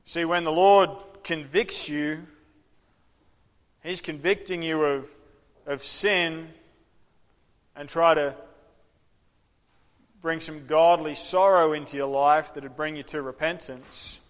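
A man delivers a lively, interactive sermon and slips into short acted voices as he preaches. His voice is fairly high for a man. It rings with the long reverb of a church hall. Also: slow pace, pauses often. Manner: animated preaching, acts out voices.

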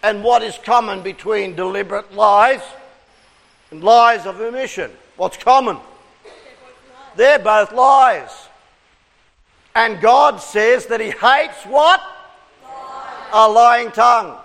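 Lively preacher in a hall. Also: male voice, sits high, takes it slowly, long pauses. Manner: lively, coaxing the crowd with questions and call-and-response. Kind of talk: interactive sermon to a congregation.

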